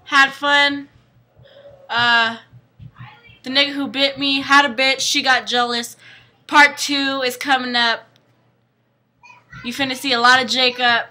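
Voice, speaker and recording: A woman's voice: high-pitched, level tone, takes it slowly, pauses often, sharp tone, full character voice. A woman playing a brash young woman who tells her vampire romance in a crude, slangy comedic parody monologue, acting out the other characters' lines.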